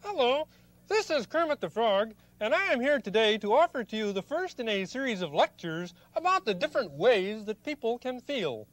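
Earnest frog puppet, children's TV lesson, fussy, patient explainer, high voice. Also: male voice, sing-song, moderate pace, a bit bright, a little hiss or hum, heavily acted. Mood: explaining. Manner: patient explaining, exasperated bursts.

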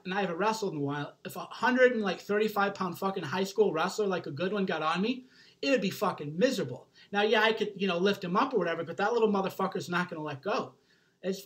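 A self-help author delivers an intense, emphatic motivational monologue to camera in a high-pitched, fairly bright voice. He swears freely and keeps checking in with his listener with "right?"

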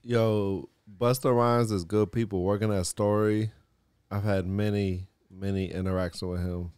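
A man's voice: lowish voice, steady tone, unhurried, a little mellow, clear, resonant tone, dry recording. A laid-back man in a casual podcast chat, dropping dry one-liners. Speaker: podcast co-host.

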